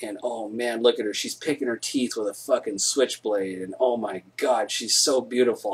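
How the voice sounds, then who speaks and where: Husky male streamer, casual, swears a lot, rambling jokey storyteller. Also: mid-range voice, moderate pace, hardly any pauses. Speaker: live stream host.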